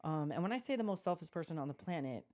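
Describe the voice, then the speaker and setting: Mellow-voiced woman chatting on a podcast. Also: low voice, expressive, fast. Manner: chatty storyteller, frequent fillers and restarts. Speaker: podcast co-host. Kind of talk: casual chat.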